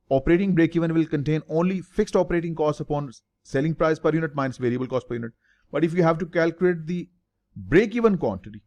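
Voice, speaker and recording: A male finance tutor gives a lecture with a voice pitched a little above the usual for a man. He stresses key words and repeats them, and often poses a question and then answers it himself. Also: a little mellow, lo-fi sound. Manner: emphatic, repeats key terms, asks and answers own questions. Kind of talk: lecture explaining break-even analysis.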